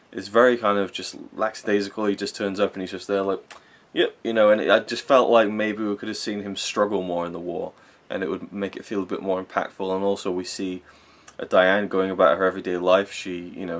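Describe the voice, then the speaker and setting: Man, very low voice, young adult, casual film review, rambling, enthusiastic. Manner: rambling and enthusiastic, with frequent fillers and self-corrections.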